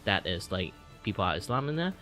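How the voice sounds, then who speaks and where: A man's voice: on the low side, big pitch swings, fairly quick, a bit bright. A man from Malaysia hosting a casual livestream, rambling through his points with lots of "like", fillers and the odd swear. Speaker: streamer host. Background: music he is playing.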